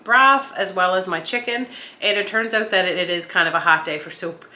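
A woman's voice: on the low side, pushed and bright. A woman from Eastern Canada, a stay-at-home mom chatting casually as she cooks in her home kitchen, with frequent ums. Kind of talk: casual vlog narration. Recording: echoey room, faint ambience.

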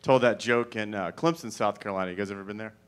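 A man's voice: fairly low pitch, fast talker, clean tone. A man doing a stand-up comedy set, talking in a rambling, conversational way that is wry and profane. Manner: rambling, conversational, filler-heavy.

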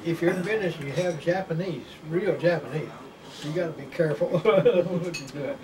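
A man's voice: fairly high pitch, brisk, crowd noise. A man joining a casual lunch conversation with short remarks. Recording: distant mic at a noisy table.

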